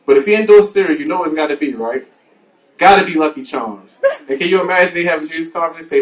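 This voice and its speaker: A man's voice: fairly high pitch, quick pace. A man doing a stand-up comedy set on a club stage, crude and playful with the audience. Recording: distant mic with music behind.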